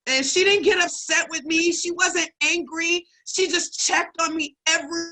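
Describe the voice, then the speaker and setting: A woman speaks with strong feeling in a personal testimony. Her voice sits high and sounds bright. She goes from excited retelling to hushed, tender phrases. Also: moderate pace, poor audio. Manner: heartfelt, builds up to excited retelling then hushed. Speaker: speaker introducing the host.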